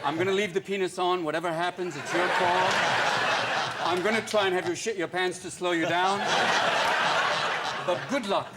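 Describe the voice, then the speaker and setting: A man voicing his own brain as a weary, deadpan voice signing off. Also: high-pitched, moderate pace, pauses often, pitched above the performer's own voice, close to an everyday voice. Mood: resigned. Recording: loud clicking noise.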